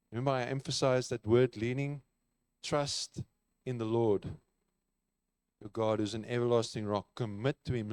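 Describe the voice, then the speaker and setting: A man's voice: medium pitch, no echo, clean studio sound. A man preaching a sermon in an earnest, conversational way, repeating key phrases for emphasis. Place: church.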